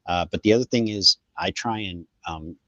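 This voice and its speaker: Male podcast co-host, very low voice, dry close sound, loose and rambling. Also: normal speed, no echo, dull audio. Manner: relaxed, rambling with fillers. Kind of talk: casual tech chat.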